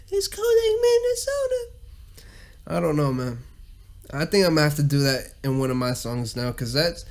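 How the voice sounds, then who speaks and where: A man's voice: mid-range voice, darkish tone. A man hosting a casual solo podcast, rambling and cursing a lot and laughing at his own jokes. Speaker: podcast host.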